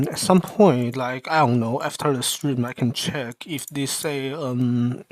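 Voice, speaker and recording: A man livestreaming while he programs, thinking aloud in a mumbling, halting way and questioning himself as he goes. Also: medium pitch, no echo.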